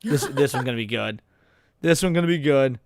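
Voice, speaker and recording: A man's voice: medium pitch, expressive, a little fast, no echo, clean studio sound. A man co-hosting a late-night stream, joking around and reading chat messages aloud with frequent stammered restarts. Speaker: VTuber co-host.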